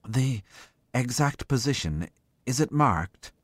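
A man voicing a cautious, formal German official who speaks slow, stilted English. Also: medium pitch, expressive, fairly bright tone, no echo, voice pushed up. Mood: fussy.

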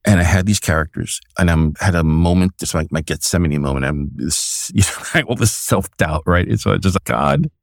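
A man talking as an interview guest, telling stories in an animated way and laughing often, on a close studio mic. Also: sits low, fairly quick, vocal fry, hardly any pauses, no room sound. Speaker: guest, comics creator. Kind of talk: casual interview storytelling.

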